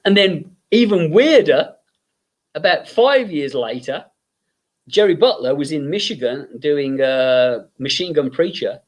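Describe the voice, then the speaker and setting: A man's voice: fairly high pitch, animated, a little slow. An English man, a guest makeup effects artist, telling long rambling anecdotes full of fillers and acted-out quotes.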